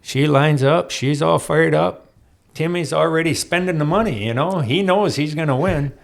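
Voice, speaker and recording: A man telling racing stories as an interview guest in a studio, animated and laughing often as he acts out other people's lines. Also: a little high, moderate pace, vocal fry. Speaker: guest, off-road racer. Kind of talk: storytelling interview chat.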